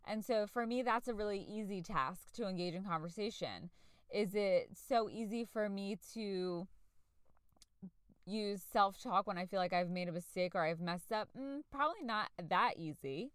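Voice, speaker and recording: A woman in her forties hosts her own podcast, chatting away in an earnest, talkative manner. Her voice is smooth and clear. The recording is dry, with a close microphone. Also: medium pitch, moderate pace, no echo. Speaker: podcast host. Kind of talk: casual solo podcast talk.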